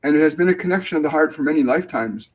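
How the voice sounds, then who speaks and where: A man hosting a live mediumship show, relaying messages gently and hesitantly, with many fillers and restarts. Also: a little high, very fast, poor audio. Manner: soft, dropping almost to a whisper when relaying tender messages. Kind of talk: casual live mediumship reading.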